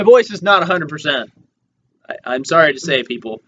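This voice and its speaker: Young male podcast co-host, playful and teasing, lively pitch, lo-fi mic. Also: normal speed. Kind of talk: casual podcast chat. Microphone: handheld mic. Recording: dull lo-fi mic with faint noise.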